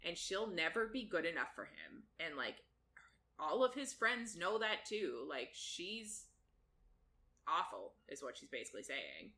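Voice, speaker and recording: A woman's voice: fairly low pitch, big pitch swings, unhurried, bright, forceful tone. A woman co-hosting a podcast, chatting casually as she recaps a book, laughing often and swearing freely. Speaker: podcast co-host.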